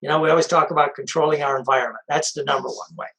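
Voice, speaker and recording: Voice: medium pitch, steady tone, rapid-fire, vocal fry, fairly bright tone, rough recording. A sobriety coach giving practical advice in a casual, conversational way, repeating the key points. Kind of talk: casual spoken advice talk.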